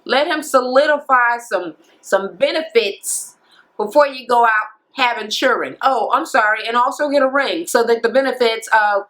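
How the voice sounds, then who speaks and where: A woman's voice: a little high, moderate pace, fairly bright tone, low-quality recording. Blunt, profane woman ranting a recap. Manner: profane, blunt and opinionated, acting out quotes. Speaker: reality TV recap vlogger. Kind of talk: casual rant recapping a show. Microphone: camera mic.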